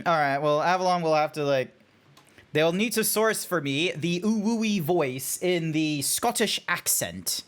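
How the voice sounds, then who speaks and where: A young Australian man narrating his gameplay in a chatty, excitable way. His voice sits a little high and swings widely in pitch as he reacts and talks to his viewers. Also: slow. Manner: chatty, animated, talks to chat while playing. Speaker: streamer. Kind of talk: casual gameplay commentary.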